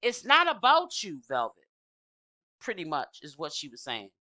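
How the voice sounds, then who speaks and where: A woman hosting a commentary channel, explaining what happened in a deliberate way. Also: fairly low pitch, wildly swooping pitch, pushed and bright.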